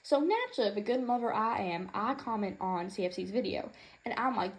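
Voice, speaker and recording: On a low-quality recording with noticeable background noise, a woman with a mid-range voice and lively intonation talks a little fast. In character as a proud mother, she delivers a sassy, rambling, indignant comedic rant for her son, full of Southern-style phrasing.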